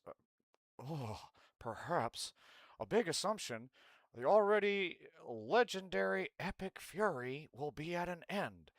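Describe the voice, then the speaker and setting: A man doing a Hank Hill impression that drifts toward an Obama voice, reading a statement slowly and haltingly. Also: sits high, clear, resonant tone, dry recording, clean studio sound, pitched above the performer's own voice.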